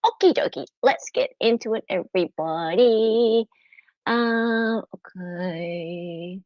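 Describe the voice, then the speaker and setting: A middle-aged Australian woman greets her viewers on a casual livestream from home, chatting and giggling. Her mid-range voice is slow, and the slightly dull lo-fi audio carries no room sound.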